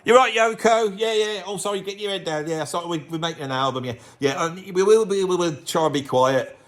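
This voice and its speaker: A man's voice: high-pitched, a little fast, pitched above the performer's own voice, natural voice. A man voicing an anxious young male bandleader who pleads and frets eagerly. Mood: fussing.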